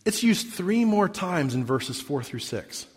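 A man preaching a sermon as pastor, reading scripture and stressing key words, with sharp swings between loud emphasis and quiet drops. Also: very animated, unhurried, husky, long reverb tail. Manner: emphatic preaching with big swings in pitch and volume.

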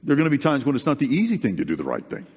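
Here a man preaches earnestly and conversationally, driving points home through emphatic repetition. His mid-range voice swings wildly in pitch and comes out rapid-fire, darkish with a breathy edge. Long hall reverb fills the dull-sounding recording.

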